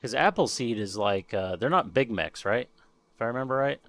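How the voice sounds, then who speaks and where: A man's voice: medium pitch, lively intonation, moderate pace, fairly bright tone. A man chatting casually on a live stream while painting a model kit, muttering to himself and trailing off. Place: home workshop.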